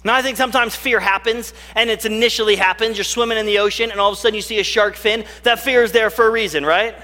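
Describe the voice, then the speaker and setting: A male pastor with a high, bright, forceful voice delivers an earnest sermon. He drags out the lines he wants to land. His voice rings out with a long reverb, as in a large hall. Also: steady tone. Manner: earnest, slows right down on key phrases.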